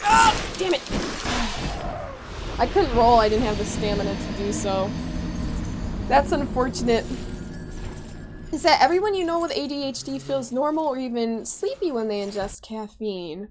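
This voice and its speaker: A woman's voice: on the high side, a little hiss or hum. Chatty Midwestern woman streaming a game. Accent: Midwestern American. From American Midwest. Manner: chatty, reads chat aloud, excitable reactions. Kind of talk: casual live-stream chat while gaming.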